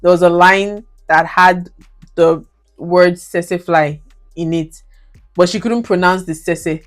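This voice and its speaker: A young woman with a Nigerian accent chats about films in a relaxed commentary, with a lowish voice and frequent laughter. She drifts in and out of Nigerian Pidgin as she talks, and soft music plays faintly underneath. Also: takes it slowly. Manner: chatty, laughs often, slips into Nigerian Pidgin. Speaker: YouTube movie reviewer. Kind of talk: casual commentary on her old reviews.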